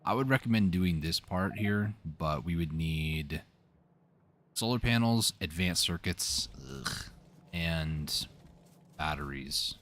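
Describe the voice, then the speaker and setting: Very deep-voiced laid-back male gamer. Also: expressive, slow, fairly bright tone. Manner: laid-back, teasing, joking. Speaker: let's play host. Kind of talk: casual co-op gameplay chat.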